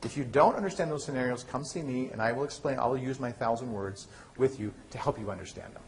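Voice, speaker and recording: A man giving a university lecture, lively and asking the class questions he then answers himself. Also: mid-range voice, fast talker, a little hiss or hum. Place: lecture hall.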